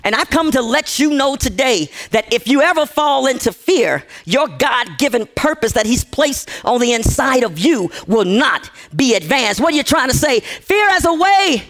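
A man preaching a sermon, telling a story with repeated phrases, acting out the characters' lines and shouting at the peaks. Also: very high-pitched, sing-song, moderate pace, few pauses, faint music behind. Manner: acts out characters' quoted lines.

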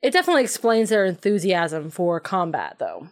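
A woman's voice: lowish voice, huge pitch swings, fairly quick. Chatty woman discussing a movie. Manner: chatty, adds plot details. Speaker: podcast co-host.

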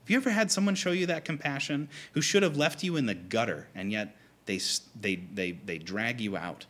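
A man preaching a conversational sermon to a congregation, animated and acting out quoted lines. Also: mid-range voice, a little fast. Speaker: pastor.

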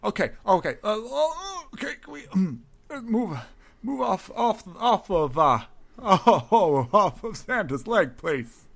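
A jolly, pushy Santa holds court in a fantasy tavern, booming out ho-ho laughs and stammering through his lines. A man puts him on in a voice pitched a bit high. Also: very animated, slow, creaky, a bit bright, heavily acted.

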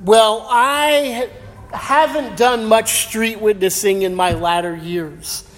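A man's voice: high-pitched, takes it slowly, a bit bright, soft background music. A middle-aged male pastor preaching an evening sermon, praying and then telling a personal story in a casual, slangy way. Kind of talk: sermon with prayer and personal anecdote. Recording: long hall reverb.

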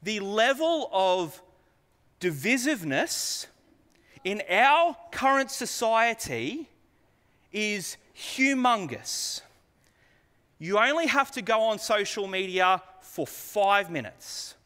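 A man preaching in a bright, high voice that rises and falls widely as he asks earnest rhetorical questions. He speaks slowly and conversationally, and the sound rings with a long hall reverb. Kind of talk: sermon.

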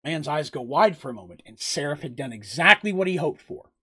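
A man's voice: fairly high pitch, very animated, brisk, pushed and bright, husky. A man narrating a tabletop game as game master, in a loose, rambling way.

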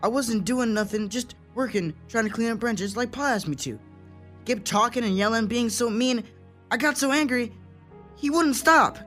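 A young actor playing a frightened, remorseful teenage son in an audio drama. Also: male voice, very high voice, moderate pace, fairly bright tone, faint music behind. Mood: fearful. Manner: stammering, fearful.

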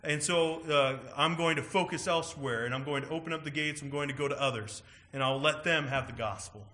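A man preaching a sermon, teaching with animated emphasis and frequent "all right" and "right?" asides. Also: fairly high pitch, brisk. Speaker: pastor.

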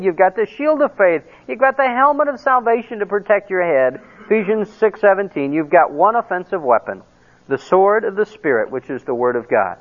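Animated high-voiced preacher, tinny sound. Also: male voice. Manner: animated preaching with quoted dialogue and asides. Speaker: pastor. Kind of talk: sermon. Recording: tinny phone-like lo-fi recording.

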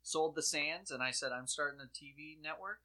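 Bright, excitable man joking around. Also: a little high, fairly quick. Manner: excitable, sarcastic, acts out his own reactions. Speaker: podcast co-host. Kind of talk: casual comedic chat.

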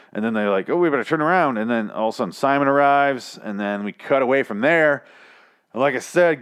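A man giving a rambling, sarcastic, profanity-filled recap of a TV episode, mocking the characters in silly voices. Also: fairly low pitch. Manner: sarcastic, rambling, swears a lot. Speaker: show recapper.

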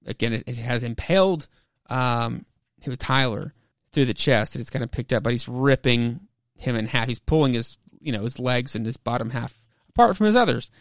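A man's voice: mid-range voice, expressive, moderate pace, no echo. Rambling man recapping a comic. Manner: rambling, many "like" fillers, swears. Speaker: podcast host. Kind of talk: casual comic book recap.

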